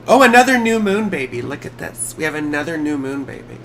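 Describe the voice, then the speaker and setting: A woman's voice: low voice, expressive, brisk, few pauses, slight background noise. A woman in her forties, an astrologer giving chatty, playful live chart readings on a stream.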